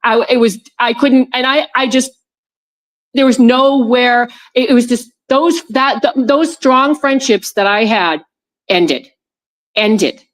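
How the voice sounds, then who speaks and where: This woman's voice is fairly high and slow. She's a guest in a video-call interview, rambling through a personal anecdote with frequent restarts and repeated words, and becoming animated as she relays her friends' remarks.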